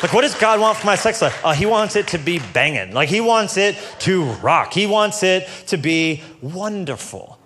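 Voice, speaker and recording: A man preaching a casual, joking sermon to a church audience, building up to loud, passionate peaks. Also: high-pitched. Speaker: pastor. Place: church stage before a live audience.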